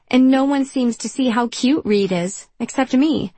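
A young woman narrating a first-person audiobook in a wry, confessional, self-deprecating way, with a husky voice. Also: on the high side, normal speed, hardly any pauses, warm tone, dry recording.

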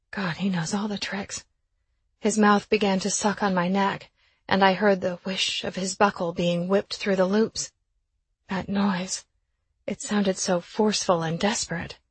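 A woman reading a first-person romance novel aloud in an intimate, breathy way. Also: medium pitch, no echo. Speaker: audiobook narrator.

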